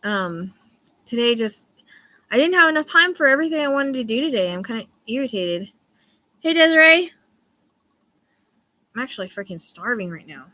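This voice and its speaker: Bright sounding woman chatting to her stream, cusses casually, rambles on. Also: fairly high pitch, expressive, normal speed, pauses often, no room sound. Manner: chatty, swears casually, reads chat. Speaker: livestream host. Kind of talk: casual livestream chat.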